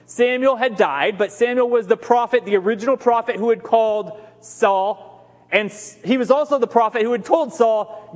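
Brief: man, pastor, sermon; chatty, emphatic storytelling, high pitch, reverberant sanctuary. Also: normal speed. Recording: long hall reverb.

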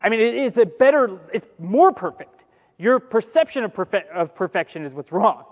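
High-voiced preaching man in a reverberant hall. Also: normal speed. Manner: conversational, joking asides, animated quoting. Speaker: pastor. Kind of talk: sermon.

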